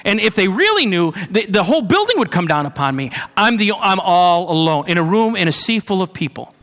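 A man preaching a sermon in a church, earnest, moving between raised urgency and low, hushed passages. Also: sing-song, brisk. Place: church sanctuary. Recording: long hall reverb with mains hum.

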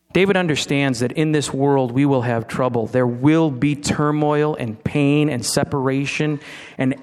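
A middle-aged pastor with a mid-range voice preaches in a casual, conversational way, restarting clumsily and asking his listeners questions.

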